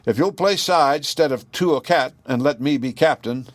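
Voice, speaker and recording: A man's voice: fairly high pitch, normal speed, no room sound, voice pushed up, lightly acted. A man voicing a small, determined boy who speaks eagerly and a little cocky.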